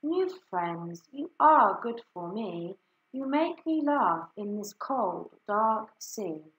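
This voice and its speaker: A woman voicing a lonely, gentle female moon in a storybook, with a soft sing-song lament. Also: mid-range voice, very animated, takes it slowly, muffled recording. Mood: tender. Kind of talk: storybook read-aloud. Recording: echoey room.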